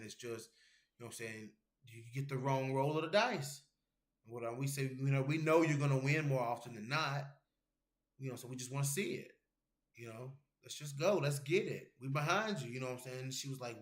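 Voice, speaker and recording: A man with a mid-range voice, heard in a reverberant space, hosts a casual MMA livestream. He rambles and swears as he talks with viewers, reading their chat messages out loud.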